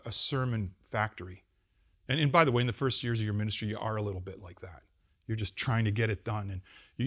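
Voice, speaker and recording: Man, pastor, middle-aged, medium pitch, animated conference address, wry humor, loud emphasis and quiet asides. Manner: wry humor and acted-out quotes. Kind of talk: conference address to seminary students. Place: seminary campus lecture.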